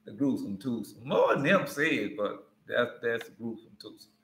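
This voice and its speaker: Bright-voiced man teaching the Bible. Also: mid-range voice, animated, moderate pace. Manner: conversational, rambling, with frequent asides. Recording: roomy echo.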